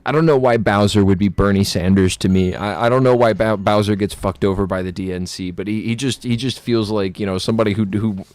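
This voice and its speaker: Rambling low-voiced male streamer. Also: fairly quick, hardly any pauses, a little mellow, no room sound. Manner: rambling, joking, stammering restarts, frequent laughter. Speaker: live-streaming gamer. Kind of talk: casual live-stream chat while gaming.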